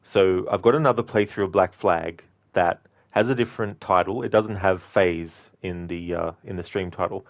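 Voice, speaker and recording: A man's voice: low-pitched, normal speed, hardly any pauses. A man chatting casually on a game livestream, thanking viewers by name and rambling through asides. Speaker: game streamer.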